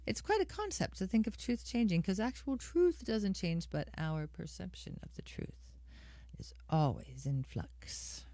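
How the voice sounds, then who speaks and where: A woman's voice: on the low side, animated, measured pace, dark tone, dry recording. A middle-aged woman hosting a live music stream, chatting casually with viewers and calling them by name. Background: guitar accompaniment.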